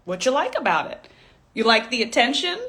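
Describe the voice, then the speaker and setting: A woman's voice: a little high, sing-song, brisk, fairly bright tone. A woman in her thirties, a stylist business coach, giving a blunt, profane motivational rant with mocking impressions.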